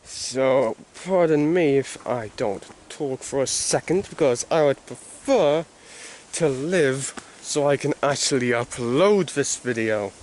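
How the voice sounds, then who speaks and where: A man's voice: mid-range voice, lively intonation, slow, darkish tone, slight background noise. A man casually talking through a video game as he plays it, rambling and restarting his sentences. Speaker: gaming video host.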